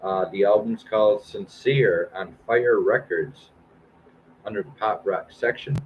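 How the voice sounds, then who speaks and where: A man's voice: on the low side, unhurried, lo-fi sound, slight background noise. A man in his fifties hosting a live-stream show, reading new album reviews aloud with plenty of "uh" and "um" and restarts. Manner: reads album blurbs aloud with fillers and restarts.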